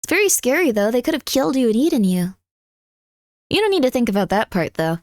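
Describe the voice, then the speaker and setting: Scatterbrained high-voiced woman streamer. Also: sing-song, fast talker, a little mellow, no echo, clean studio sound. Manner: rambling, scattered, self-interrupting; chatty, reads out viewer messages. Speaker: livestreamer. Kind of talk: casual livestream chat.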